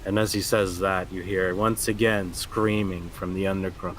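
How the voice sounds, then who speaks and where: A man's voice: low-pitched, flat delivery, normal speed, few pauses, a bit bright. A man narrating as game master, with a loose, hesitant delivery full of restarts.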